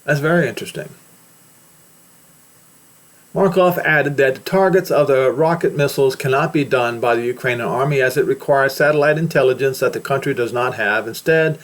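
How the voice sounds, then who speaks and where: An American man delivers a preaching-style commentary, his pitch sitting in an ordinary middle range. He speaks with emphasis and now and then builds up to forceful declarations. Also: moderate pace. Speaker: religious commentator. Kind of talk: preaching commentary on news and scripture.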